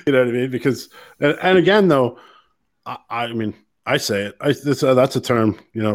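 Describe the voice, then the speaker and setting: A man's voice: mid-range voice, a little fast. A man hosting a casual podcast who rambles in stop-start bursts and keeps saying "you know what I mean". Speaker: podcast host.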